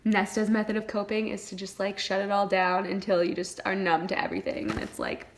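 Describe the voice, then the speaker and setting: Young woman book vlogger, excitable casual chat, giggly, heavy "like" filler, average pitch. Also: fairly quick, vocal fry, slight background noise. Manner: gushing, laughs often, says "like" constantly. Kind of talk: casual chat reading vlog.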